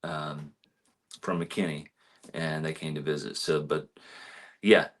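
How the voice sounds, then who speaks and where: A man's voice: extremely low pitch, fairly even intonation, unhurried. A man, a guest musician answering in an easygoing, friendly way. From Texarkana, Texas. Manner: easygoing and friendly, short replies. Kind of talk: relaxed interview chat.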